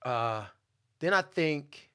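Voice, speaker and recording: Animated podcast co-host, slightly high voice, dry close sound, slangy storyteller who does the other people's lines. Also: male voice, drawn-out words, clean tone, dry recording. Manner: loose slangy talk. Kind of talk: casual storytelling chat.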